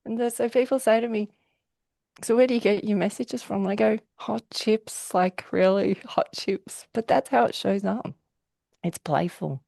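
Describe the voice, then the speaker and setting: A woman's voice: on the high side, normal speed, gravelly, mellow, no echo, clean studio sound. An Australian woman telling stories in a casual chat, often laughing and acting out the voices of people she quotes. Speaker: guest.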